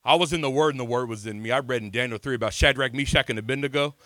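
A man preaching a sermon at an outdoor beach service, telling his own testimony with passion and big swings in loudness. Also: medium pitch, racing, no echo.

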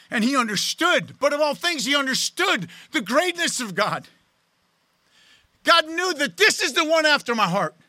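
A man preaching a sermon in a church, loud and excited, swinging from shouting to quiet, close talk. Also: very high voice, no room sound. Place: church sanctuary.

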